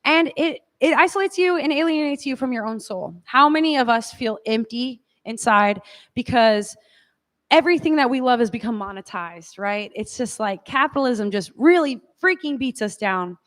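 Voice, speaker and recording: A woman's voice: a little high, lively intonation, normal speed, a bit bright. A woman teaching a class in a conversational lecture style, often checking in with her listeners.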